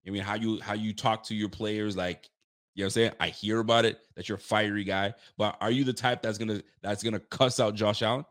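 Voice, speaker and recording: This sports fan commentator is fired up, delivering a heated, rambling football rant full of restarts and street slang. His voice is fairly low and fairly bright, with brisk delivery and fairly even intonation.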